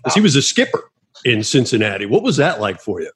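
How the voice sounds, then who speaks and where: A man's voice: mid-range voice, big pitch swings, quick pace, fairly bright tone, slightly rough. A man hosting, asking a guest questions in a casual, conversational interview. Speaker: host, interviewer.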